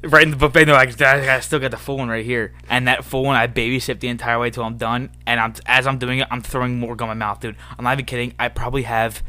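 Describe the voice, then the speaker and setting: A man's voice: medium pitch, level tone, fast, few pauses, bright, forceful tone, dry recording. A young man in casual podcast chat, rambling and swearing freely, calling everyone dude. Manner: rambling, swears a lot, says dude constantly.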